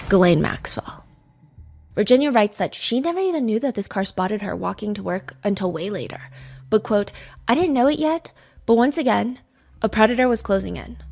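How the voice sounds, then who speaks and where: A woman's voice: medium pitch, creaky. A woman hosting a true crime podcast, retelling a case and reading quotes aloud with blunt asides. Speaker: podcast host.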